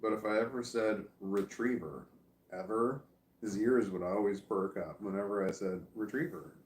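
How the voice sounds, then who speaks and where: A man's voice: on the low side, moderate pace, darkish tone, reverberant. A sleepy man rambling chattily at home, talking casually to the camera. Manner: meandering, chatty, self-amused. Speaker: vlogger. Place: at home with his dog.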